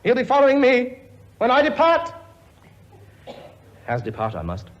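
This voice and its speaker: A man's voice: very high-pitched, wildly swooping pitch, moderate pace, heavily acted. An actor playing a pompous, blustering king with a sarcastic, grumbling working-class manner in a 1950s radio comedy. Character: blustering pompous male king, bossy and weary. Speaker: lead comic actor. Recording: dull old broadcast recording with audience laughter. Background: studio audience laughing.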